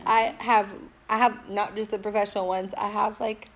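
A woman's voice: medium pitch, little pitch movement, moderate pace. A woman co-hosting a podcast, telling a story in casual chat, laughing often and swearing freely. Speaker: podcast co-host.

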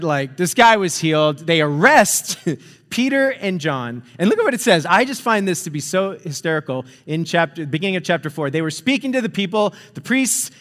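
A man's voice: fairly high pitch, fairly bright tone. A man preaching a sermon, retelling a story in a casual, conversational way with frequent chuckles and asides. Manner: conversational, chuckling, checks in with "right?". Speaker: pastor. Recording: long reverb of a hall.

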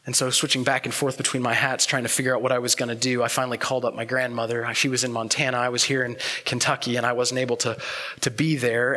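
Earnest pastor with a husky, forceful voice. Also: male voice, mid-range voice. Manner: earnest and reflective, with pauses and trailing soft words. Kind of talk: sermon.

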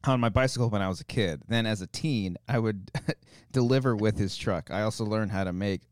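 A man's voice: on the low side, fairly quick, dry recording, studio quality. A man co-hosting a podcast in casual chat, joking around and reading donor messages aloud. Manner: joking, animated, reads donor names aloud.

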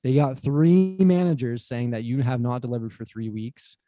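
A man as a podcast guest, swearing freely while he tells an animated story about his job. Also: medium pitch, normal speed, dry recording, soft background music. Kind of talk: casual podcast chat.

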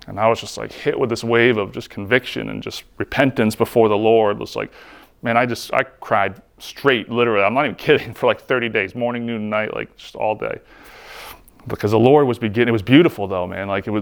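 Earnest man with a gravelly voice. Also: fairly low pitch, brisk. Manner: earnest, heartfelt, frequent "like" fillers. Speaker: speaker giving a personal testimony. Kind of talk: personal faith testimony.

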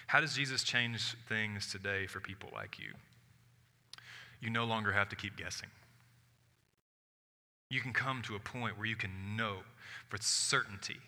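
Male preacher, animated storyteller, bright tone, big reverberant room. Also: mid-range voice. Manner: animated storytelling, acts out voices, swings from loud to hushed. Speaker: pastor. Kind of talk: sermon.

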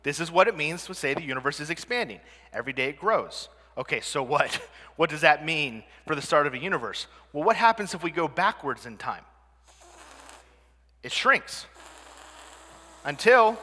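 Bright-voiced man speaking in a hall. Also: on the high side, breathy edge. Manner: conversational, asks the audience questions. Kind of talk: presentation to a live audience. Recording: long reverb of a hall.

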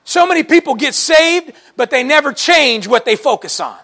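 Man, pastor, sermon to a congregation, high voice, gravelly, folksy animated storytelling. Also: moderate pace. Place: church service before a congregation.

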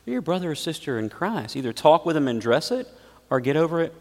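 Male pastor, gravelly tone, dynamic sermon delivery, long hall reverb. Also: a little high, sing-song, fast talker. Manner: preaching with big swings between loud emphasis and quiet asides.

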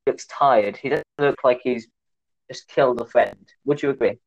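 A young man co-hosting a podcast, teasing and animated, slipping into silly voices. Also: medium pitch, normal speed, vocal fry, no room sound, lo-fi sound. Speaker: podcast co-host. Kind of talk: casual banter.

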